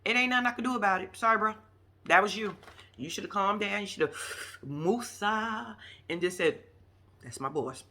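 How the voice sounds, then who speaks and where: A woman's voice: medium pitch, fast talker, sharp tone. A woman giving a casual recap of a reality show, blunt and profane, scolding the people in it as she talks.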